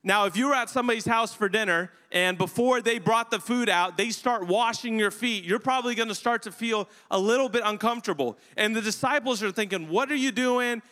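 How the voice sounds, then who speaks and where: A man delivers a sermon in a relaxed, joking storyteller's manner. His voice sits high and sounds bright and forceful. The hall around him rings with long reverb. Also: fairly quick, hardly any pauses. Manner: casual storytelling with humor. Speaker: pastor.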